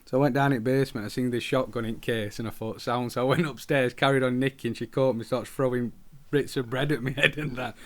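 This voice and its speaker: A man's voice: mid-range voice, fairly even intonation, quick pace. A man, casually telling a sweary story about a video game on a podcast. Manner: laid-back storyteller, sweary. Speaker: podcast guest. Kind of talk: casual game review chat.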